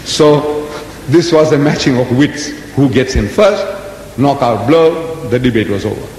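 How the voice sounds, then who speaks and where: A man's voice: a little slow, a little mellow. A man in his seventies giving a religious lecture to an audience, telling a story dramatically with rhetorical questions. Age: 70s. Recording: echoey hall with faint rumble.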